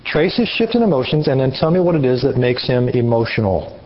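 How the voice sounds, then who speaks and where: A man preaching an interactive sermon, animated and questioning his audience. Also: medium pitch, a little fast, slight background noise. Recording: muffled lo-fi recording.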